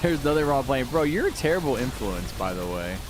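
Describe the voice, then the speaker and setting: A man's voice: mid-range voice, sing-song, a little fast, background noise. A man live-streaming a game, chatting casually and answering viewers' messages aloud.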